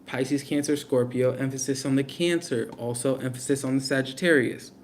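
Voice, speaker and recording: A man's voice: mid-range voice, fairly even intonation, normal speed, a little hiss or hum. Blunt, slangy young man reading tarot. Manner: blunt, slangy, talks straight to viewers. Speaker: tarot reader. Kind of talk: casual live tarot reading.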